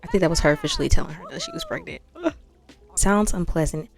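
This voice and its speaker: A woman hosting a game channel, chatting in an animated, slangy way and calling her viewers "y'all". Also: medium pitch, fast. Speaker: gaming channel host. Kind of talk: casual let's-play commentary. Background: faint background music.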